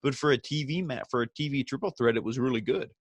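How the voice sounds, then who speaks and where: A man casually recapping a wrestling show, sarcastic and ranting, jumping into quick mocking impressions of the people he talks about. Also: medium pitch, dry recording. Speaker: wrestling review host.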